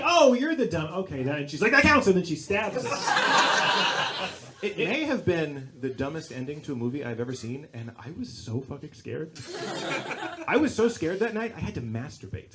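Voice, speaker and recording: A young man doing a stand-up comedy set on a club stage, telling stories deadpan and bursting into loud acted-out quotes. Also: fairly high pitch. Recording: live club recording, audible crowd noise.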